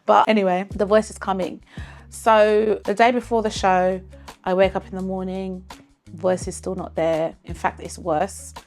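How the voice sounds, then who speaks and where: Woman singer, mid-pitched, earnest and expressive, recounting a personal story for her channel. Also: moderate pace, faint music behind. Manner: earnest, expressive, faith-filled telling.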